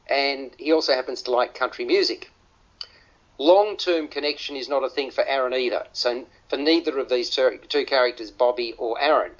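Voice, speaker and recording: A man hosting a radio film review panel, often restarting and repeating words as he talks. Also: mid-range voice. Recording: dull lo-fi radio audio.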